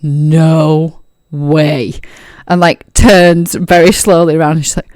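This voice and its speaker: A woman voicing a brash, macho, very strong woman who talks loud and boisterous. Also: low-pitched, steady tone, slow, no room sound. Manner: loud, boisterous, back-slapping.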